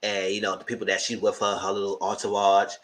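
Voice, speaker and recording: A man hosting a channel, recapping TV episodes in casual, gossipy commentary, swearing freely and jumping into squealed exclamations. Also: fast talker. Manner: animated, gossipy retelling with frequent swearing; breaks into high squealing exclamations. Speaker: TV show reviewer and channel host.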